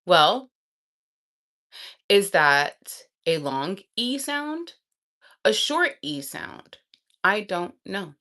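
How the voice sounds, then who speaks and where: A woman vlogger chatting casually and thinking aloud, excitable and quick to laugh. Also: mid-range voice.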